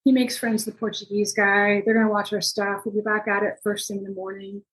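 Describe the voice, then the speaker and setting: A woman being interviewed about her reporting work tells a story in a lively, conversational way. She acts out what people said, and her voice jumps up in pitch when she quotes them. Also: brisk, rough recording. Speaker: journalist guest.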